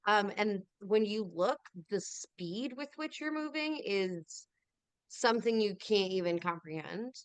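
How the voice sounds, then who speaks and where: A woman narrating as game master of a tabletop game, unhurried and full of pauses. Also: mid-range voice, lively intonation, clean tone, dry recording. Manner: unhurried, with many fillers and pauses. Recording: dry, with faint music behind.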